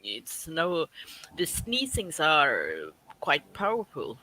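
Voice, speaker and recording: A woman's voice: sits low, wildly swooping pitch, takes it slowly, sharp tone, rough recording. A woman from Sweden joining a livestream call, chatting casually and giggling. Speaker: guest on a call. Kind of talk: casual chat.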